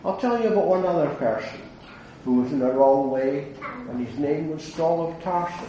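A man preaches an earnest gospel sermon, his mellow voice sitting a little high for a man. He swells into fervent declarations and then sinks low and quiet. He is heard from a distance in a very echoey hall. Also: moderate pace, slight background noise. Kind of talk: evangelistic sermon.

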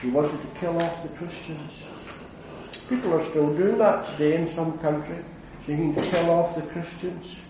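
A man preaching an earnest evangelistic sermon, building to fervent declarations and then dropping low. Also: steady tone, moderate pace, background noise. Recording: very echoey hall, heard from a distance.

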